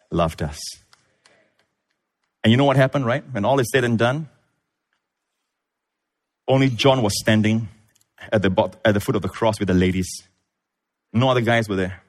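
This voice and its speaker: Male pastor preaching, voice climbing high then dropping low, acts out the people in the story. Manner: animated storytelling, acts out voices, big pitch swings. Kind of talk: sermon.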